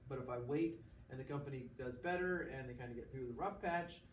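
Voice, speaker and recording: Speaking fairly quickly in a mid-range voice, a man delivers a classroom lecture step by step, checking in with students and acting out small examples. The audio comes from far off in an echoey classroom, with faint noise.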